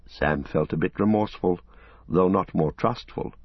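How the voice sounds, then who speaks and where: A man tells a story in a measured, expressive way. His voice is low and husky, and the recording is dry and close, with a slightly dull top end. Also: no echo. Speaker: audiobook narrator. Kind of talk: scripted narration.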